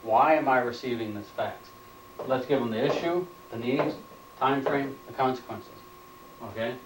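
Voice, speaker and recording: An instructor gives a training lecture, plainly stating points and then repeating them as questions. His medium-pitched voice comes through heavy background noise, recorded indoors on a distant camera mic with roomy, off-mic sound.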